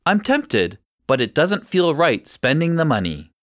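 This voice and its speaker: A man narrating a first-person story in a clear, measured storytelling manner. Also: on the high side, big pitch swings, a bit bright.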